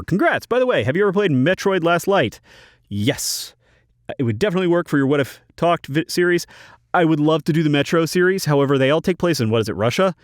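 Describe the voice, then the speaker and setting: Guy doing a casual q&a from his booth, pitch bouncing all over, super dry close mic, deadpan one-word answers a lot. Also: no room sound. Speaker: YouTube channel host. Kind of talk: casual Q&A, reading viewer questions. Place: home recording booth. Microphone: studio microphone in a recording booth.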